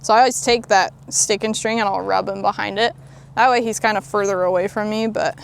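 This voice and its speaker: Gravelly-voiced woman horse trainer. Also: medium pitch, fairly quick, a little hiss or hum. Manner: encouraging, soothing praise to a horse. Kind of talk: explaining a training demo. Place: outdoors at a horse ranch.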